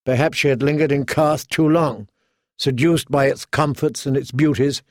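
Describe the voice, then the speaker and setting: Man, audiobook narration, measured, steady, dry close studio sound. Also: mid-range voice, no room sound. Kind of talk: scripted narration.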